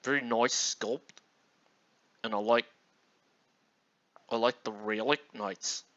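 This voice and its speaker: A man's voice: mid-range voice, fairly even intonation, takes it slowly, pushed and bright. A man casually chatting and rambling while he paints miniatures on a live stream, with loose slangy talk. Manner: laid-back, rambling, slangy. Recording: dull lo-fi stream audio.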